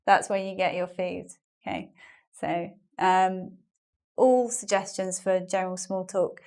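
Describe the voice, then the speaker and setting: A woman's voice: fairly low pitch, fairly even intonation, measured pace, darkish tone. A woman with a British English accent from England, teaching an online English lesson in a chatty way and explaining phrases with examples and asides.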